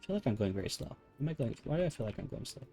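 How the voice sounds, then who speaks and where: A man streaming a game from home, chatting in a soft-spoken, chill, self-deprecating way. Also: medium pitch, very animated, very fast, vocal fry, faint music behind. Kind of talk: casual chat while gaming. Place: home room with rain on the ceiling.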